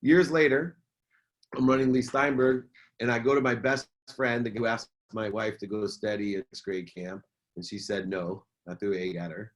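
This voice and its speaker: A man's voice: fairly low pitch, steady tone, normal speed. A middle-aged man, a businessman and motivational speaker, telling a personal story as a podcast guest in an earnest, emphatic way, repeating key phrases.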